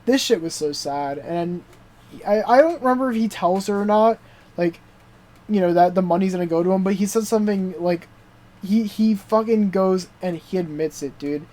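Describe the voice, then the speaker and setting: A young adult man co-hosting a podcast, excitedly recapping a TV show in casual chat, full of swearing and "dude" and "like" fillers. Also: high-pitched, moderate pace. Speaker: podcast co-host.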